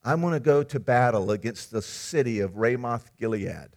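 Man playing a stubborn ancient king, evasive, stammering, casual, mid-pitched voice. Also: expressive, normal speed, natural voice. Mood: scheming. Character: scheming ancient king, evasive and self-willed.

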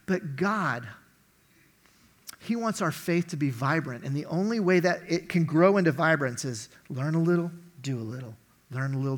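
A man delivering a sermon in a slightly higher voice. He talks to the congregation in a casual, conversational way. He drags out key words slowly to drive a point home. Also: a bit bright. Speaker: pastor.

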